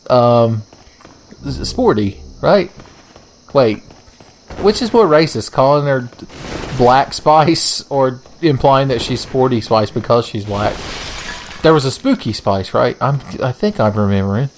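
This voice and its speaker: A man's voice: medium pitch, slight background noise. Profane joking young man playing a game. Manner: profane, joking, rambling asides. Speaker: gaming channel host. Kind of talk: casual let's-play commentary.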